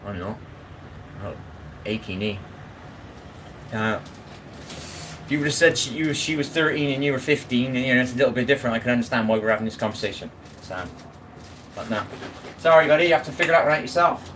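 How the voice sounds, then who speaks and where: A man's voice: medium pitch, a little fast, long pauses, fairly bright tone, slight background noise, rough recording. A man chatting bluntly with his live chat while washing up, often asking if you know what he means. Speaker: live streamer. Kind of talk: casual live-stream chat.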